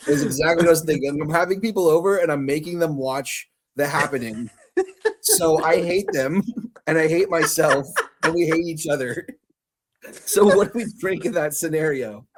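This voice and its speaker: A man co-hosting a podcast in loose, casual chat. His voice sits a little high, and he gets animated as he tells stories, swears freely and breaks into quick laughs. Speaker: podcast co-host.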